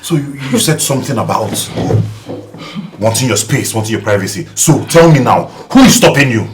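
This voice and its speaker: A man's voice: medium pitch, expressive, a little fast, background noise, lightly acted. An actor with a Nigerian accent playing a young man who challenges his brother's new wife. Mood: confrontational. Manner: confrontational, questioning. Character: defensive younger brother living at home.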